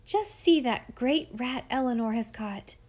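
Lady doing a brisk little farm girl, kinda high, firm, storybook voice. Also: darkish tone. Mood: cheerful. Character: spirited, caring young farm girl.

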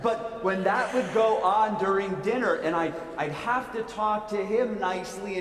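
A man's voice: sits high, a little hiss or hum. A man giving a playful children's sermon, asking his listeners lots of questions. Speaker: pastor. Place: church sanctuary. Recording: echoey church hall with long reverb.

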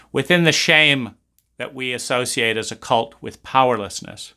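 A man's voice: mid-range voice, normal speed, pushed and bright. A man teaching about trauma in an intense, impassioned monologue, swearing and hammering points through repetition. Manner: intense, profane, repetitive emphasis.

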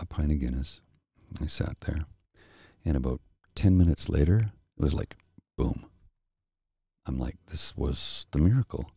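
A middle-aged man hosting a soft-spoken ASMR chat, telling a rambling story slowly and with restarts, close to the mic. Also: very deep voice, husky, dry recording. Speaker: host.

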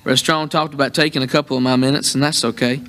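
A man's voice: medium pitch, little pitch movement, quick pace, fairly bright tone. A young man preaching at a church convention, joking and folksy with the congregation. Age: young adult.

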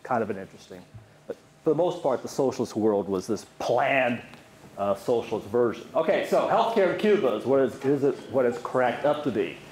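A man's voice: medium pitch, expressive, normal speed, darkish tone. A man giving an economics lecture at a university, quizzing the audience with questions and talking with many fillers. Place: lecture hall. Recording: echoey lecture hall, faint noise.

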